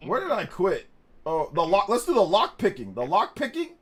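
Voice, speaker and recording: A man's voice: sits high, wildly swooping pitch, moderate pace, husky. A man live-streaming a game, chatting casually, rambling and laughing often.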